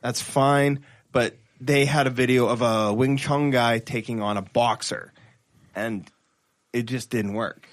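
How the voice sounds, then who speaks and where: A man's voice: medium pitch, fairly even intonation, a little slow. Rambling, laughing man telling stories. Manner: rambling storyteller, laughs at own stories, restarts often. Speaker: podcast co-host. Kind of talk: casual panel chat.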